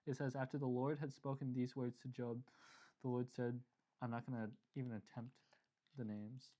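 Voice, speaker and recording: A man's voice: medium pitch, flat delivery, normal speed, warm tone. A man co-hosting a podcast, adding short remarks and chapter numbers to a casual Bible study chat. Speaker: podcast co-host.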